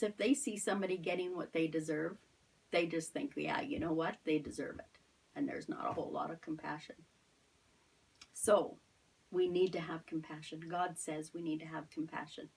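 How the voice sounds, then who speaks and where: A middle-aged woman tells a Bible story to children in an online Sunday school lesson, asking them questions as she goes. Her voice is breathy and a little husky. She sits some way back from the microphone, so she sounds distant. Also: fairly low pitch.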